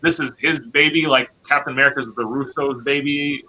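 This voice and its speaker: Man, podcast co-host, hesitant casual talk, sharp tone, muffled lo-fi sound. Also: mid-range voice, fairly even intonation, a little fast. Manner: hesitant, many fillers. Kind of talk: casual movie discussion. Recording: lo-fi dull recording.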